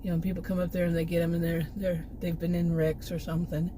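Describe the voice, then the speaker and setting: Woman, hoarse worn voice, lowish pitch, rambling casual car chat, loud road noise. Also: level tone, quick pace. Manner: meandering, frequent restarts and soft laughs. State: voice worn out, hiccups. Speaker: vlogger doing food deliveries.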